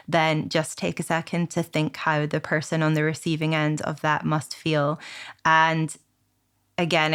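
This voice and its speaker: A Scottish woman with a smooth, resonant voice talks in a podcast interview. She sits a little low in pitch and speaks with earnest, thoughtful care, often pausing to find her words. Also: a bit bright. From Scotland. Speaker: guest, skate club founder.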